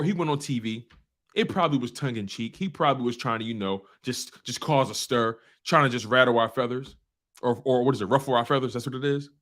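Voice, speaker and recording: A man hosting a sports talk show, ranting in a casual, animated way and repeating phrases for emphasis. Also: a little high.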